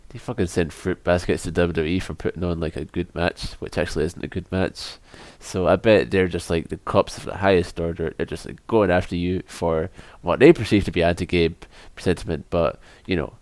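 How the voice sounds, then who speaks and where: Man, podcast co-host, very low voice, dry close sound, sardonic and swearing. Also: steady tone, brisk, few pauses, darkish tone, dry recording. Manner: sardonic, profane, laughs often. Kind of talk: casual podcast chat.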